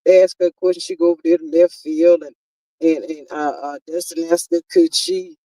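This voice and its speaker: A woman's voice: deep voice, steady tone, mellow, no room sound, recorded from a distance, rough recording. A woman, chatting casually and exasperatedly as a live-stream commentary host. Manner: exasperated, talkative, drawn-out exclamations.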